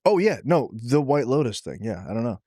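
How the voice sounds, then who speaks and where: A man co-hosting a podcast in casual banter, wry and understated with quick asides. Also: medium pitch, big pitch swings, dark tone, dry recording, clean studio sound. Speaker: podcast co-host.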